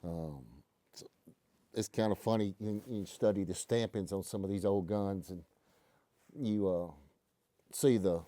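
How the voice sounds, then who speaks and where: A man's voice: low-pitched, measured pace, pauses often, mellow, no room sound. A man hosting a casual live stream from a gun shop, telling stories in a folksy, joking way. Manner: folksy, joking, rambling explanations. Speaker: host.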